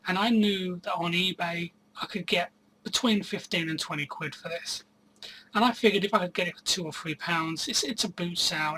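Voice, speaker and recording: A man's voice: a little high, bright, forceful tone, a little hiss or hum, rough recording. A man talking casually to camera about his reselling year, chatty and hesitant with many ums and restarts. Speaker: reseller vlogger. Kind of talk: casual solo vlog storytelling.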